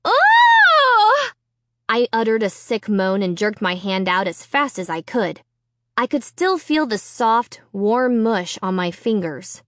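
A woman reading a children's horror novel aloud, with expressive storytelling. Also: medium pitch, measured pace, dry recording, studio quality. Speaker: audiobook reader. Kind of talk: scripted narration.

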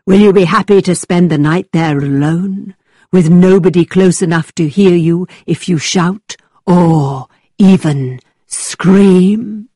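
A woman voicing a playful young gentleman who tells a tale in a low, dramatic voice to tease a listener. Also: slow, dry recording, studio quality. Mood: teasing.

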